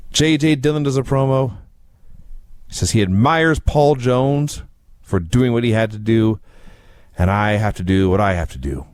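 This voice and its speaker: A man's voice: mid-range voice, normal speed, clear, resonant tone, dry recording. A man co-hosting a casual review podcast, retelling old wrestling segments in a dry, wry storytelling manner.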